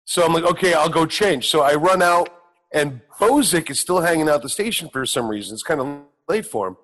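A man's voice: fairly high pitch, lively intonation, a little fast, fairly bright tone. A middle-aged man casually telling a self-mocking, profane story on a talk show, acting out the other people's lines. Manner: profane, self-mocking, acts out quoted voices.

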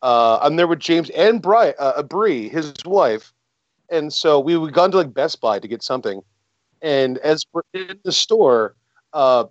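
A man's voice: a little high, animated, measured pace, dry recording. A man with a slightly raised voice rambles through a self-deprecating story, stopping and starting. The sound is dry and close, and a bit dull. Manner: rambling, self-deprecating, many fillers and restarts. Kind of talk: casual chat.

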